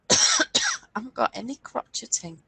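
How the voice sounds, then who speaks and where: A woman's voice: mid-range voice, animated, measured pace, fairly bright tone, dry recording, rough recording. A woman co-hosting a casual chat about knitting patterns, thinking aloud and stumbling over designer names. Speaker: podcast co-host.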